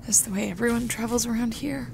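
A woman's voice: on the high side, fairly even intonation, quick pace, gravelly, background noise. An actress playing a guarded young woman survivor with dry, clipped replies.

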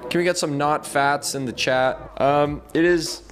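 A man giving jokey let's play commentary as he plays, excitable and talking straight to his viewers. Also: fairly high pitch, unhurried. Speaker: gaming YouTuber.

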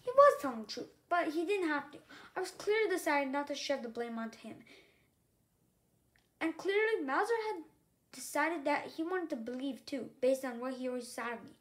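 A woman's voice: high-pitched, lively intonation, moderate pace. A woman reading a novel aloud in the first person, telling the story as the main character. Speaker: reader.

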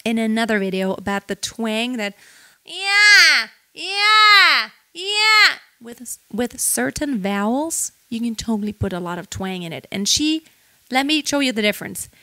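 A woman's voice: a little high, moderate pace, dry recording. A young woman teaching singing technique in a lesson, explaining points and singing short phrases to demonstrate them. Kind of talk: vocal lesson with sung demonstrations.

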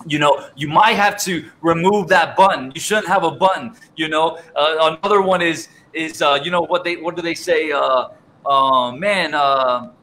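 Bright-voiced man telling stories and laughing. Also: fairly high pitch, moderate pace, slight background noise, rough recording. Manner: animated storytelling, laughs often, repeats words. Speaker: host. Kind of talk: casual faith livestream talk.

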